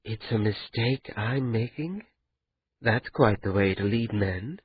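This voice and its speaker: A man reading an audiobook, voicing a calm, wry young pregnant woman speaking softly and teasingly to her lover. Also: on the low side, slow pace, husky, dry recording, narrow, tinny audio. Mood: hushed.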